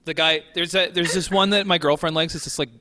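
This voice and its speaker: Brief: male podcast host, fairly high and bright voice, eager questioner. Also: steady tone, fast. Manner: quizzing, enthusiastic. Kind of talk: casual podcast chat.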